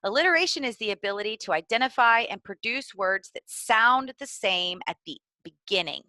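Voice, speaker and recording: Woman, instructional narration, bright voice, dry close sound, careful enunciation. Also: on the high side, animated, no room sound. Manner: clear, deliberate enunciation for teachers. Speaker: early literacy trainer.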